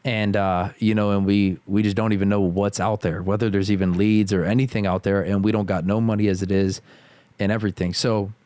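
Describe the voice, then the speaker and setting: Low-voiced young man, laid-back slang. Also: level tone, a little fast, a little mellow, smooth, dry recording. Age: 20s. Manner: laid-back slangy storytelling, says "bro" constantly. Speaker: podcast guest. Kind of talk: casual podcast chat.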